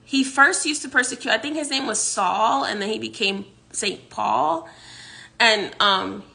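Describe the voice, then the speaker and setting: A woman's voice: a little high, a little slow, creaky, bright, forceful tone. A woman vlogger casually recounting a dream, rambling with many restarts and frequent laughs. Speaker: psychic vlogger. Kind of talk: casual storytelling.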